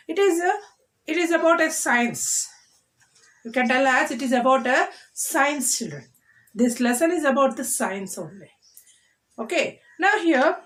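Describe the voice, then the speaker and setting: Woman teacher, high voice, repeats words for kids to say back. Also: a bit bright. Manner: repetitive, drilling words for children to repeat. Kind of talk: classroom lesson explanation.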